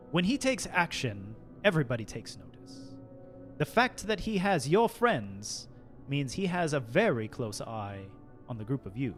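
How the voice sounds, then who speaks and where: Guy gm doing a cagey ship captain, cryptic, voice swinging high and low, bit of music in the back. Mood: scheming. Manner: measured, cryptic, lively pitch swings. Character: shrewd, calm male ship captain. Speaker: game master. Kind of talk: tabletop game role-play.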